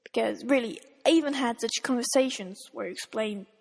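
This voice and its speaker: A woman's voice: a little high, brisk, gravelly, big-room sound. A woman from Austria, a German speaker, vlogging in a casual, exasperated and incredulous tone. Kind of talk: casual ranting vlog.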